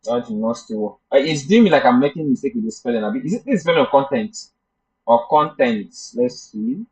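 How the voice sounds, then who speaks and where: A man's voice: medium pitch, lively intonation, a little fast, breathy edge. A man teaching a live coding class, thinking aloud as he debugs and chatting with his students. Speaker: coding instructor. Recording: muffled lo-fi class recording.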